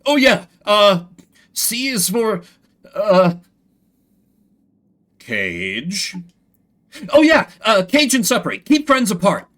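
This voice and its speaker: A man's voice: sits high, wildly swooping pitch, very slow, long pauses, fairly bright tone, voice pushed up, full character voice. A man voicing a nervous, dim young male stoat guard who stammers and hurries to please. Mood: flustered.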